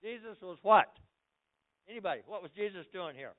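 Older man preaching, very high lively voice, excitable, thin phone-quality sound. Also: moderate pace. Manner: excitable, loud bursts, repeats words. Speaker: pastor. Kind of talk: lively church sermon. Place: church. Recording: phone-like lo-fi recording.

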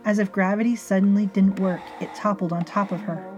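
A woman narrating a story in a measured, dryly amused way. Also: medium pitch, fairly even intonation, a little mellow, dull audio. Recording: faint music behind.

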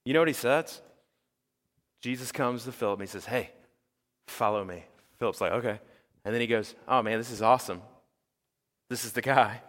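A male pastor giving a sermon in a lively, conversational preaching style that acts out quotes. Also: mid-range voice, normal speed, pauses often, big-room sound.

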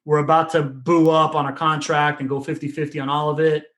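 Fast-rambling man, casual profanity. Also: a little high, flat delivery, a bit bright. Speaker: podcast business consultant. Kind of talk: casual conversation.

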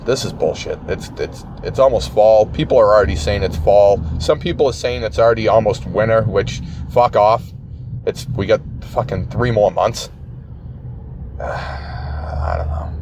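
A man ranting and swearing in a grumbling, profane way from his car in traffic. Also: lowish voice. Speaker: ranting segment guest. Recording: muffled with loud car noise.

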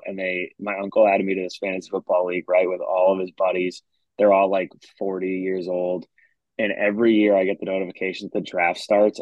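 Very deep, flat-voiced young man. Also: no room sound. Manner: laughing, loose, profane storytelling. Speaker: podcast co-host. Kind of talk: casual chat. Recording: dry, slightly dull mic.

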